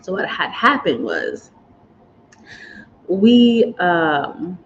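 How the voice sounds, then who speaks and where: Woman vlogger, lowish voice, casual heartfelt chat, muffled lo-fi sound, faint background noise. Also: big pitch swings, drawn-out words. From United States. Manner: chatty and emotional, says y'all and guys.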